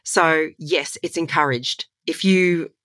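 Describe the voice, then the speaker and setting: A woman's voice: sits low, takes it slowly, no room sound, studio quality. A woman with an Australian accent, a voiceover artist and voice coach, talking with enthusiasm in a conversational interview. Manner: enthusiastic, animated storytelling with laughs.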